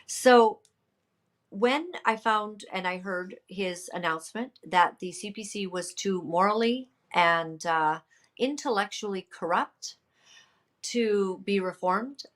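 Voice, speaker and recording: A woman, a political candidate and podcast guest, retelling events in an emphatic, lively way with many fillers. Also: mid-range voice, takes it slowly. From Canada. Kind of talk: storytelling in a casual interview.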